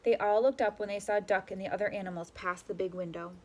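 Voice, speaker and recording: A woman reading a picture book aloud to children, expressive and animated. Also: medium pitch, fast. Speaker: storyteller.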